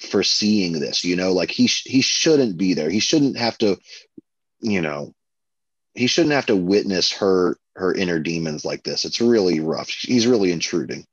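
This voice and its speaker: A man co-hosting a podcast, chatting casually and excitedly about a film, full of fillers and restarts. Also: deep voice, normal speed, breathy edge, no room sound, lo-fi sound. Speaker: podcast co-host.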